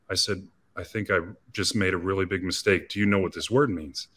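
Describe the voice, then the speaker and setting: A man in his thirties, appearing as an interview guest, candidly shares a personal story in an earnest, confessional way, often restarting his sentences. His low voice rings bright and forceful with a breathy edge, and he talks fast in a steady tone with few pauses.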